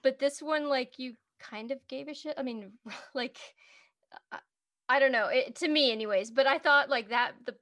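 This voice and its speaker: A woman co-hosting a casual movie review podcast, excitable and swearing freely, laughing often. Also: high voice, normal speed. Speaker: podcast co-host.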